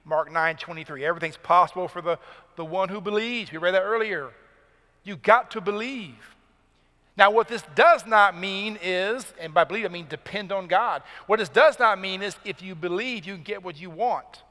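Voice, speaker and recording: Male pastor, emphatic sermon delivery, sharp bright tone, long church-hall reverb. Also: sits high, normal speed. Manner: emphatic preaching, rising for key points. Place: church sanctuary.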